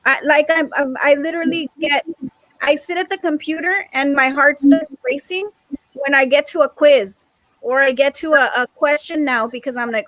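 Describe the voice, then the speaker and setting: A woman's voice: sits high, normal speed, fairly bright tone, dry recording, rough recording. A woman teacher speaking in a group meeting, exasperated and emphatic, repeating her points. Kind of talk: frustrated discussion in a group meeting.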